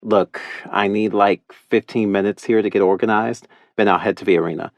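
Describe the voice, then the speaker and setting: Man doing a fretful pleading man, audiobook character, low voice lifted, dry close sound. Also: fairly even intonation, moderate pace, no echo, lightly acted. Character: worried man on the phone, frantic partner.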